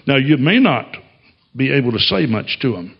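A man's voice: mid-range voice, very animated, moderate pace, creaky, breathy edge, muffled recording. A man preaching a sermon as a pastor, telling stories in a folksy way and chuckling often.

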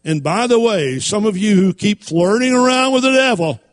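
A man preaching with a voice that sits a little high for a man. He reads scripture in King James wording and moves into folksy stories, swinging his pitch up and down as he teaches. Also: lively intonation, normal speed. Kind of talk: sermon.

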